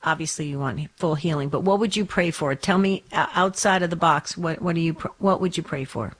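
A woman hosting a religious call-in radio show, chatting and gently asking callers probing questions. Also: low voice, brisk.

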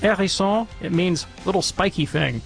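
A man's voice: on the high side, animated, a little fast, vocal fry, fairly bright tone, faint music behind. A man answering listener questions on a call-in radio show, explaining ideas casually and wandering off into jokey tangents. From Alabama, USA. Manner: rambling, digressive and jokey, with playful tangents. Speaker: guest theologian answering questions.

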